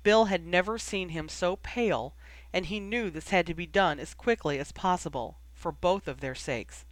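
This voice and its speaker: Measured, expressive audiobook narrator. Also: mid-range voice, dry recording. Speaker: audiobook reader. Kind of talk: fan fiction audiobook narration.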